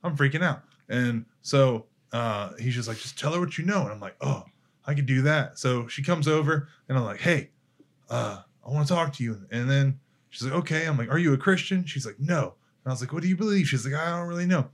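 Speaking fairly quickly at a medium pitch, a young podcast guest recounts his faith story in a relaxed chat, voicing the dialogue as he goes and laughing readily.

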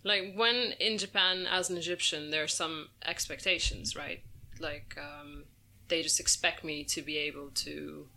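Bright-voiced, laughing woman comedian. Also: sits low, measured pace. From Netherlands. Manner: animated, laughs often, self-mocking. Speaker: stand-up comedian. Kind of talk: casual interview chat.

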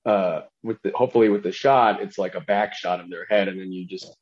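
A man's voice: low voice, fairly even intonation, brisk, a little mellow, highs cut off, slight background noise. A man, a voice actor, chatting loosely on a podcast and rambling between thoughts. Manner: rambling, drops into celebrity impressions. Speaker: voice actor guest. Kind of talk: casual podcast chat.

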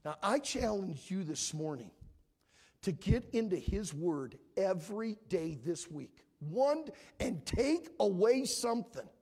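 Husky-voiced pastor pleading at an altar call. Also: male voice, high voice, sing-song, slow, darkish tone. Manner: earnest, pleading, voices the prayers of listeners. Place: church sanctuary.

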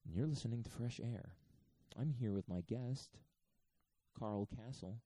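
A man putting on a hushed, measured public-radio interviewer voice. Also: mid-range voice, no room sound, pitched above the performer's own voice, close to an everyday voice. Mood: mock-formal. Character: smooth public-radio male interviewer, calm.

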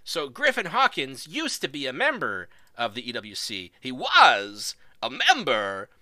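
A man's voice: mid-range voice, wildly swooping pitch, a little slow, pushed and bright, no echo. A man hosting a live stream, casually commentating a video wrestling show, rambling and laughing as he goes.

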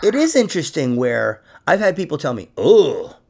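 Young male podcast host, gravelly and lively, profane joker. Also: a little high, a little fast. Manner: profane, jokey storyteller who laughs at his own lines. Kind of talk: casual chat.

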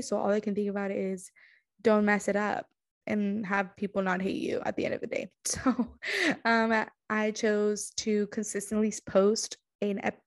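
Sleepy young woman rambling on her solo podcast, a little high, dry close sound, lots of ums. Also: darkish tone, dry recording. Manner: chatty, self-deprecating, many fillers and restarts. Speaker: podcast host. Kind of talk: casual solo podcast monologue. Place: home, on a couch.

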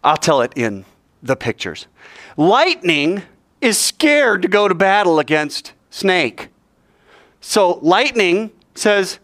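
A man teaching a Bible lesson as animated storytelling, joking, vivid and talking straight to his listeners in a hot indoor room. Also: high-pitched, slow pace, no room sound, clean studio sound.

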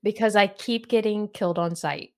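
Woman podcast host, casual chatty, laughs a lot, mid pitch. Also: moderate pace. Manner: chatty, laughs often, self-conscious. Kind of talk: casual chat.

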